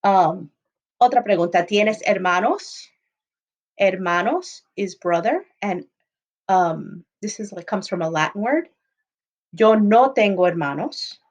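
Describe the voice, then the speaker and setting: A woman's voice: mid-range voice, animated, measured pace, poor audio. A woman teacher giving a recorded Spanish lesson, explaining patiently and moving between English and Spanish examples. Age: adult, not young.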